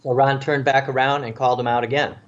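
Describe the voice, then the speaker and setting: This police officer and author recounts a tense episode during an interview, stumbling into restarts and repeated words along the way. His medium-pitched voice is flat and quick, and the audio sounds dull. He brings the story alive by acting out the quoted voices.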